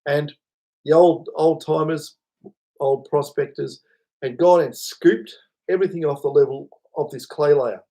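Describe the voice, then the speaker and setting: Gravelly man chatting on a livestream. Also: fairly high pitch, steady tone, unhurried, mellow. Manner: rambling, chuckling, answers chat comments. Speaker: livestream host. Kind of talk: casual livestream chat.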